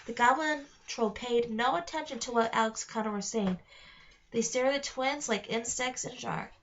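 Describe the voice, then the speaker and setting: A woman reading a storybook aloud with a fairly high voice, careful and steady with the odd slip. The recording sounds dull and lo-fi. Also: normal speed, a little hiss or hum. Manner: careful, with small slips. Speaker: reader. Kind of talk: read-aloud narration.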